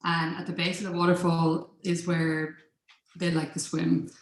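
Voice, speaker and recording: A woman's voice: lowish voice, level tone, unhurried. A woman telling a personal story at a live event, in a casual, profane manner with frequent laughs. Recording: roomy live room echo.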